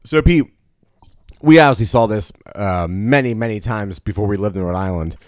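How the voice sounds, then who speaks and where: A man in a casual movie chat, chiming in with quick remarks. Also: fairly low pitch, darkish tone, no room sound, clean studio sound. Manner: quotes lines, quick remarks.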